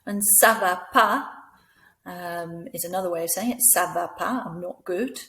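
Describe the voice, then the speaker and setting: A woman leading a teacher training session, explaining things patiently and clearly, often acting out words in different voices. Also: lowish voice, moderate pace. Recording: echoey room.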